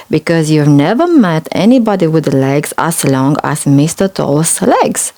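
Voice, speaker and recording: A woman reads a children's picture book aloud in a low voice that swoops with great expression. She takes her time over each line. The recording is dry and close. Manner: expressive, slow and lilting. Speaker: storybook reader. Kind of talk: children's read-aloud storytelling.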